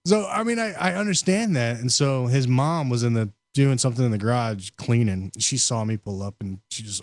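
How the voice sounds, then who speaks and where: Laughing, animated male podcast host. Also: medium pitch, normal speed, hardly any pauses, no room sound. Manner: animated storyteller, laughs often. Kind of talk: casual podcast chat.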